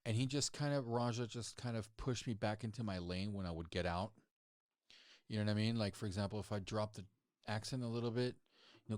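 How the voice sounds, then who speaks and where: A male actor talking as a podcast guest, relaxed and profane, laughing often and restarting his sentences. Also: fairly low pitch, brisk, no room sound, clean studio sound. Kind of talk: casual chat. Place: podcast set.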